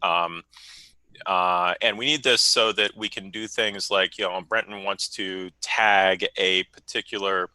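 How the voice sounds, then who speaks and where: A low-voiced man explains a coding problem on a video call, stalling on fillers and restarts. His tone is strikingly bright and sharp, and it sounds dry and close to the mic. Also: fairly even intonation, measured pace, clear, resonant tone, no room sound, low-quality recording. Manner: hesitant, many fillers and restarts. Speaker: software developer. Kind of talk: technical explanation in a meeting.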